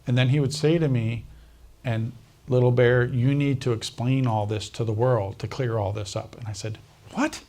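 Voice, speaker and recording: The interview guest is a man with a middle-range pitch and a somewhat dark tone, telling his personal story at normal speed. Though his intonation is fairly even, he performs other people's dialogue animatedly and laughs often.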